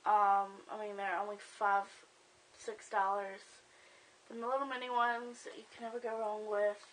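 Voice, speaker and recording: A woman's voice: medium pitch, little pitch movement, moderate pace, a bit bright, rough recording. A young woman chatting casually in a vlog, rambling with lots of "um" and "like" as she shows gift ideas. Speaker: beauty vlogger.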